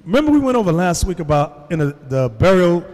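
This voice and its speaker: A fast-talking preacher tells animated stories to his congregation, doing the voices himself. His fairly high voice swings widely in pitch, and every word rings with long, big-hall reverb.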